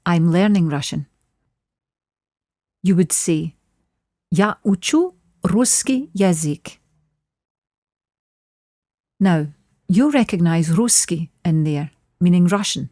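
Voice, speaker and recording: A woman teaching a short scripted language lesson, saying phrases slowly and clearly for learners to repeat. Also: on the low side, warm tone, no room sound, clean studio sound. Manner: clear, slow modelling of phrases.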